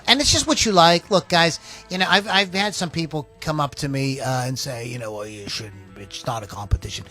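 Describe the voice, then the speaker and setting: A male podcast host with a fairly high voice, chatting loosely and rambling, full of ums and restarts. He likes to tease his co-host, and faint music sits underneath. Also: sharp tone. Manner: rambling and teasing, with many fillers. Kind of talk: casual podcast chat.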